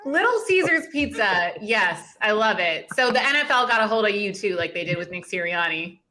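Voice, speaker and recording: A woman appearing as a guest on a sports talk show, chatty and quick to laugh. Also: medium pitch, big pitch swings, bright, forceful tone.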